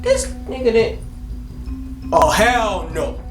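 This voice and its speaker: A narrator voicing an enraged teenage schoolboy who shouts threats in a high, drawn-out voice. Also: lively intonation. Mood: outraged. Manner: shrill, yelling, drawn-out. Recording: roomy with background music.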